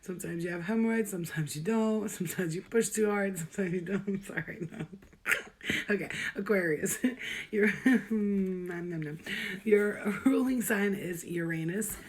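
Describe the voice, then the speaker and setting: A woman's voice: mid-range voice, moderate pace, darkish tone. A young woman casually teaching astrology in a livestream from her room at home, joking, giggling and swearing freely. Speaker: astrology vlogger. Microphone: phone. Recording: echoey home room with faint noise.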